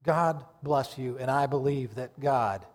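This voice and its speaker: A male pastor preaching a sermon with fervor, rising loud and then dropping to a hush. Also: medium pitch, unhurried. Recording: long reverb of a large church hall.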